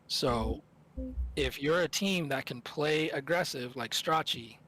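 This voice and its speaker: A man's voice: fairly high pitch, slow pace, a bit bright. A man commentating a live esports tournament stream, analysing teams in a rambling, self-correcting way.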